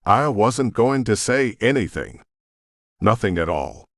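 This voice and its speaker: A man's voice: on the low side, big pitch swings, unhurried, fairly bright tone, dry recording, clean studio sound, full character voice. A man reading the lines of a friendly woman who teases her housemate in an audiobook. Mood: teasing. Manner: wry, teasing.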